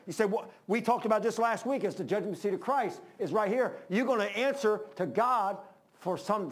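Older pastor, high voice, fervent sermon delivery with swings from loud pleas to quiet asides. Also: male voice. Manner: impassioned preaching, rises then drops low.

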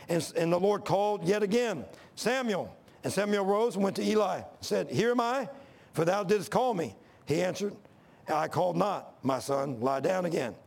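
A man's voice: sits high, gravelly, a little mellow. A man preaching a sermon, reading scripture and telling folksy stories.

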